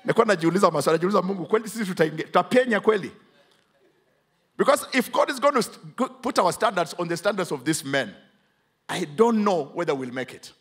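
Kenyan male pastor, high-pitched and animated, dramatic call-and-response preaching. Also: quick pace, husky. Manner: preaching, switches between English and Swahili; dramatic, swings from hushed to loud emphatic. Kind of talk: sermon with congregation call-and-response.

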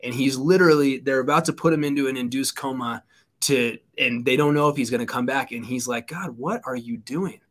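A man's voice: mid-range voice, steady tone, fairly quick. A man co-hosting a radio interview, earnestly telling a story. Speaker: radio show co-host.

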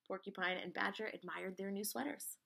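A woman reads a picture book aloud, lively and expressive. Her voice is bright and crisp, and her sound effects come out sing-song. Her pitch sits in the middle. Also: fairly quick. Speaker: reader.

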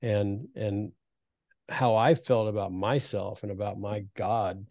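A man in his fifties hosting a conversational podcast, his voice low-pitched with a dark, mellow tone. He talks in a reflective, earnest way, often restarting his sentences. The sound is dry and close. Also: steady tone, takes it slowly, gravelly, no room sound. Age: 50s. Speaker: podcast host.

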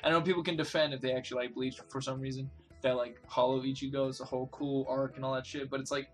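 A young man talks at a rapid clip, rambling through anime opinions. His pitch sits in the middle range, he swears freely, and he piles on fillers, while faint music plays behind him. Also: level tone, a bit bright. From New Jersey. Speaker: host, game player. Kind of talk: casual chat over a gameplay recording.

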